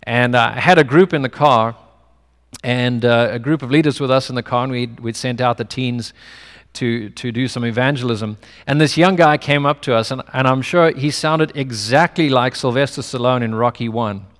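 A man's voice: mid-range voice, normal speed, a bit bright. A male pastor with a non-American English accent gives a conversational sermon full of personal stories. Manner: conversational preaching with personal anecdotes. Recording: long hall reverb.

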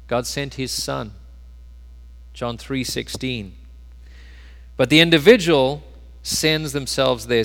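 A pastor preaching a sermon, swinging between loud emphasis and quiet, low asides. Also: male voice. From South Africa. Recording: long hall reverb.

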